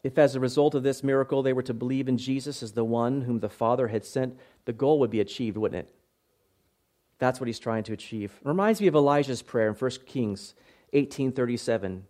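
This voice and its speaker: A man's voice: mid-range voice, fairly quick. A man preaching an expository sermon in a conversational way, reading scripture aloud and often checking in with listeners. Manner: conversational, tag questions, bursts into loud acted shouts. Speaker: pastor.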